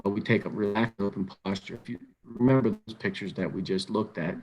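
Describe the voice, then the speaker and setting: Low-voiced calm male webinar presenter. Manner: calm, measured, repeats words as he thinks aloud. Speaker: webinar presenter on crisis intervention. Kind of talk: instructional webinar talk.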